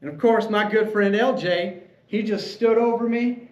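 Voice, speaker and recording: A man giving a prepared storytelling speech at a club meeting, animated and playful as he tells a tale. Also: sits high, normal speed, lo-fi sound. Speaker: club speaker. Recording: echoey room, faint ambience.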